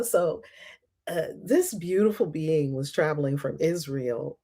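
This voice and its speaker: A middle-aged woman hosting a casual livestream about scripture, chatty and animated, laughing often. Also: medium pitch. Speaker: host reading and discussing scripture.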